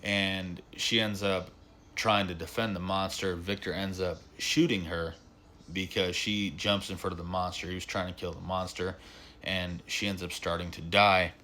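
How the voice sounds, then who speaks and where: A man's voice: deep voice, flat delivery, moderate pace, sharp tone, a little hiss or hum. A man giving a casual spoken film review, retelling the plot in a rambling way full of fillers.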